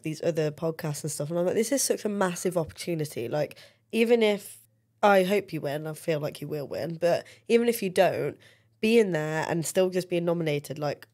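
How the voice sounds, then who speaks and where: A woman's voice: sits low, a little mellow. A woman chatting as a guest on her brother's podcast, supportive and full of "like". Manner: supportive, giggly, fillers of "like". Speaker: podcast guest, host's sister. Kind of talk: casual chat.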